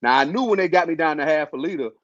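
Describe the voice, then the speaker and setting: A man's voice: fairly high pitch, quick pace, fairly bright tone, dry recording. A man telling a personal story in a casual, slangy way, full of fillers. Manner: laid-back, slangy, loose with fillers. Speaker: host telling his illness story. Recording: dull lo-fi sound.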